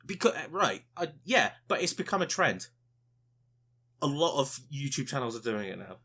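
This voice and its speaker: A man's voice: mid-range voice, sing-song, normal speed, pushed and bright, husky. A man co-hosting a casual podcast, ranting with lots of swearing and mocking quotes of other people. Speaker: podcast co-host.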